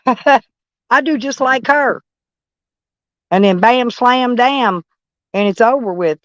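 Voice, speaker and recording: A woman's voice: a little high, slow, dry recording, muffled recording. A woman chatting with viewers on a livestream, blunt and swearing freely, calling people honey. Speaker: livestream host. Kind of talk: casual livestream chat with viewers.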